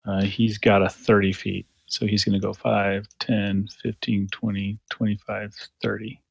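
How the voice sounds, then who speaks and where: A man's voice: on the low side, level tone, unhurried, creaky, breathy edge, dry recording. A man playing a tabletop game, matter-of-fact as he counts out his moves. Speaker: player. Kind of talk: casual tabletop play.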